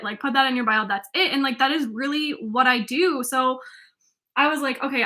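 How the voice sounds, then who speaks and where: A young woman in her twenties hosts her own coaching podcast, talking alone in a loose, rambling way. Her voice sits high and sounds bright and sharp. She restarts her sentences often and fills gaps with "like.". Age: 20s. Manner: rambling, filler-heavy, with many restarts. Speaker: life coach and podcast host. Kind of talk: casual solo podcast monologue.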